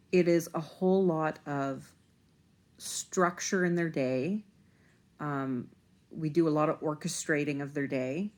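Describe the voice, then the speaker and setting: A woman talking casually to the camera as a parent vlogger, rambling a little and using plenty of fillers. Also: low voice. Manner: conversational, rambling, with fillers and restarts.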